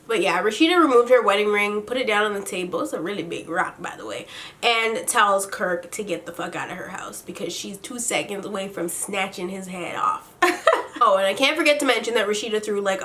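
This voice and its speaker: A woman's voice: mid-range voice, normal speed, a bit bright. A young woman hosting her own vlog, recapping a reality show in a blunt, slangy, exasperated way and laughing often. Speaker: beauty and reality-TV commentary host. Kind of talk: casual recap commentary.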